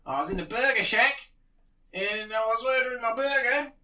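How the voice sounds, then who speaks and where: An Englishman putting on an Australian accent to play a loud, boisterous bloke telling a tall tale. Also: very high-pitched, normal speed, distant mic, pitched above the performer's own voice, heavily acted. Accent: Australian put-on. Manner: loud, boisterous, shouting at the climax.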